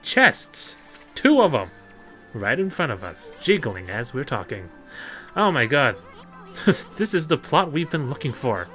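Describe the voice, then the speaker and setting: A man doing let's play commentary, joking and giggly, excitable about the game. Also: mid-range voice, measured pace, long pauses, soft background music.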